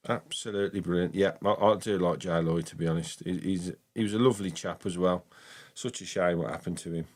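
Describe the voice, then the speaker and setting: A man with a Black Country accent hosts a casual fan phone-in show, chatty and enthusiastic with callers and saying "mate" a lot. His voice is low, his intonation fairly even, and his pace a little fast.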